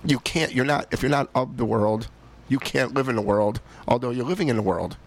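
A man's voice: medium pitch, a little fast. Middle-aged man, faith testimony, rambling, emotional, fillers and restarts, faint background noise. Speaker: father giving a faith talk.

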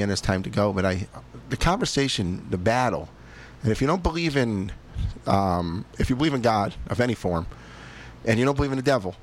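A man's voice: lowish voice, a little hiss or hum. A middle-aged father giving a personal faith testimony, rambling and emotional, with many fillers and restarts.

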